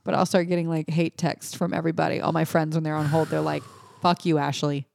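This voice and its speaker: A woman's voice: deep voice, little pitch movement, fast, creaky, a little mellow, a little hiss or hum. A woman who works as a voice actor, co-hosting a podcast and telling stories in amused, casual chat. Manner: chatty, amused storytelling.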